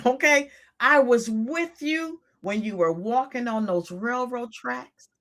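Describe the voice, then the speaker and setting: A woman's voice: a little high, lively intonation, slow, a bit bright. A woman in her sixties, a coach talking on a live stream, emphatic and repeating phrases for stress.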